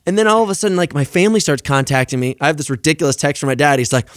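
A man's voice: fairly high pitch, lively intonation, very fast, no room sound, studio quality. A young man in casual podcast chat, telling stories animatedly, swearing and acting out quoted lines. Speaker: podcast guest.

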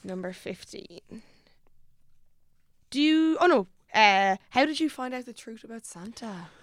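A woman's voice: fairly high pitch, expressive, moderate pace, no echo. Dry-humoured woman host. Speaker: podcast host asking questions. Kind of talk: casual podcast chat.

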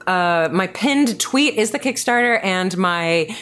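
A woman guesting on a podcast and chatting casually in a brisk, friendly way. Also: mid-range voice, expressive, a bit bright.

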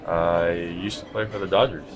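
A man playing a deadpan ballplayer in a comedy video skit. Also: deep voice, normal speed, a crowd in the background.

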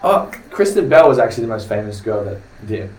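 A man's voice: lowish voice, big pitch swings, a little fast. Joking, crude young Australian man. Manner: loose, joking and crude, with many fillers. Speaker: podcast guest. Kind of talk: casual chat. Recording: roomy, distant mic with faint noise.

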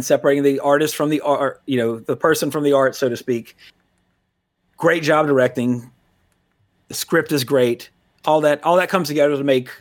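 A man hosting a podcast in casual chat, rambling and animated, swearing freely. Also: a little high. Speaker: podcast host.

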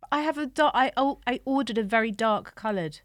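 A woman's voice: fairly high pitch, brisk, dry recording. A woman in her forties co-hosts an easygoing chat. She is dry and matter-of-fact, with a teasing edge, and her voice sits close on a dead, dry mic. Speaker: podcast co-host. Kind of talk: casual chat.

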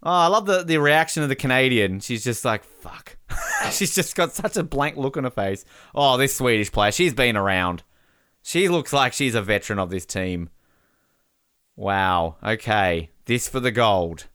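A man doing casual, joking commentary while watching a match, with bursts of excited shouting at big moments. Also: medium pitch, moderate pace, clear, resonant tone, dry recording, studio quality. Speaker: podcast co-host.

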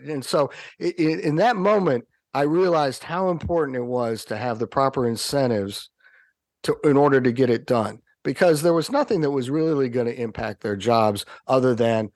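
A podcast guest, a man from the United States, tells wry anecdotes in an animated way. His voice has a gravelly, creaky texture at a medium pitch. The recording is dry and close. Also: a little fast, no room sound. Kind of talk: anecdotal storytelling in interview.

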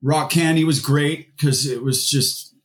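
A man with a fairly high voice, speaking a little slowly, is a musician guest from the Seattle area in a casual interview. His stories ramble along with lots of fillers and restarts.

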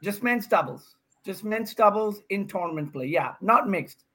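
High-voiced and speaking at a normal speed, an Indian man in his fifties chats casually as a podcast guest. The pickleball pro tells rambling, joking stories with an excitable energy.

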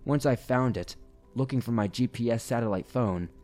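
A man reading a first-person horror story aloud in a steady, grave storytelling manner. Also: medium pitch, normal speed. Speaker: narrator. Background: faint music.

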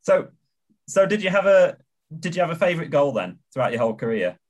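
Quick lively male interviewer. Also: a little high, reverberant, highs cut off. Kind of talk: casual interview questions.

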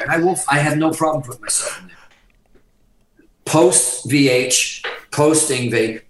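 Profane, animated man telling stories. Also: a little high, reverberant, far from the mic, low-quality recording. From Massachusetts. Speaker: guest guitarist. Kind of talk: casual storytelling interview.

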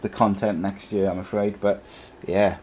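A man with a fairly low voice hosts a loose, chatty football podcast. He rattles off player names and reads listener comments aloud in an easygoing way. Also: little pitch movement, normal speed, darkish tone, a little hiss or hum. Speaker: podcast host. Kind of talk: casual football chat.

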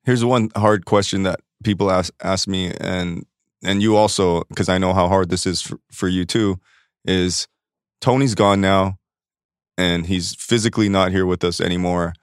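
A man's voice: deep voice, steady tone, normal speed, clear, resonant tone, no room sound, clean studio sound. A man speaking candidly as a podcast guest, searching for words and swearing freely. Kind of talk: candid conversation.

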